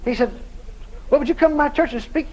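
A man's voice: very high voice, fast, darkish tone, poor audio. A male preacher telling a story in a sermon, acting out both sides of the conversation and often laughing as he tells it.

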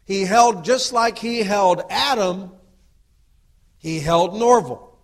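At a slow pace, a middle-aged man preaches, dipping into low asides and building to loud exhortation. He often turns to the audience for agreement.

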